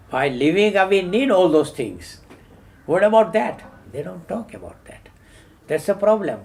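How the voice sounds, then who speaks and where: A man's voice: fairly high pitch, darkish tone. An older man speaking as an activist in an impassioned talk, emphatic, repeating words and rising sharply on his questions. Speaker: Hindu activist.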